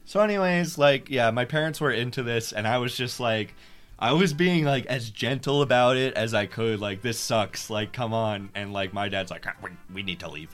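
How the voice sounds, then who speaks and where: A young man co-hosting a podcast, telling a story in casual chat, swearing often and getting loud when heated. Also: mid-range voice, moderate pace. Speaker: podcast co-host.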